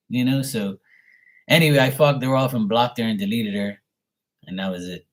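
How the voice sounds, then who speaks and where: A man's voice: medium pitch, moderate pace. A man, a show host telling a story in a blunt, profane and amused way. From Bermuda. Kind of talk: casual storytelling.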